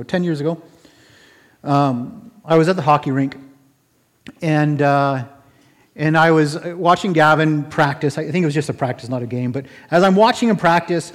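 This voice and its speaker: Preaching man in a reverberant hall. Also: high-pitched. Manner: storytelling, emphatic repeated phrases. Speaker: pastor. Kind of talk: sermon.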